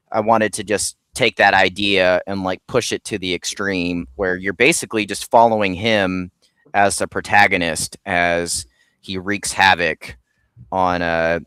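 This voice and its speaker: A man with a lowish, smooth, clear voice talks as a guest in a casual interview. He rambles along with lots of ums and restarts. The sound is dry and close. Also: fairly bright tone, no echo. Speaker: comic creator guest.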